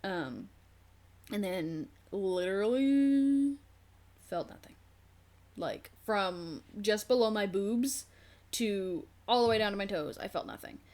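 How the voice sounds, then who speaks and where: Young female vlogger, casual and frank, heavy on fillers and cursing, mid-pitched voice. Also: lively intonation, takes it slowly, darkish tone. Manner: candid, frank, swears freely, many fillers; acts out quoted nurses and herself. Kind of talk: casual storytelling.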